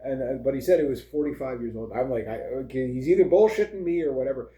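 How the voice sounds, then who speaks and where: A man's voice: medium pitch, fast talker, dark tone, muffled recording. A middle-aged man rambling casually in a vlog, full of fillers and chuckling asides. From Canada. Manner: meandering, lots of uh and like, chuckling asides. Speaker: vlogger. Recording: roomy echo.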